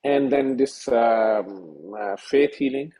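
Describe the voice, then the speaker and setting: Middle-aged male physician, husky and mellow, halting earnest storyteller on a webinar call. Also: medium pitch, poor audio. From Pakistan. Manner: halting, many fillers and restarts, earnest. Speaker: senior physician. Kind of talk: telling a personal story in a webinar. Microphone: video call.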